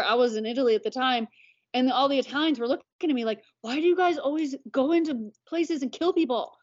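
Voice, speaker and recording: A woman, chatting as a podcast guest and filling her talk with "like". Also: fairly high pitch. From United States. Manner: chatty, many "like" fillers. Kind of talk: casual conversation. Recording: dull lo-fi audio.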